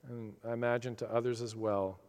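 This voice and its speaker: A middle-aged man preaching a sermon, earnest and reflective, his voice swelling with feeling and then dropping soft. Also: medium pitch, level tone, a little fast, big-room sound. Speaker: pastor.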